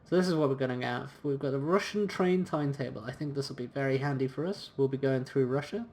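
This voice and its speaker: A man's voice: mid-range voice, fast talker, darkish tone. Casual man narrating a story game. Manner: casual and chatty, with fillers and restarts. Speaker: game streamer. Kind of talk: let's-play commentary and reading game text aloud.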